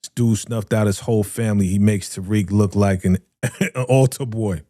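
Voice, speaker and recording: A man with runs a live reaction stream. He talks in a mellow, warm voice and swings from loud hype to low mutters while he reads out viewer comments. The sound is close and dry. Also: moderate pace, no echo. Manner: animated, slangy, reads viewer comments aloud. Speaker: reaction show host.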